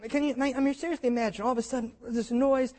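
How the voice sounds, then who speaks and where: A man preaching a sermon, retelling scripture as lively stories with jokes and invitations to imagine. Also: extremely high pitch, fast. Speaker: pastor.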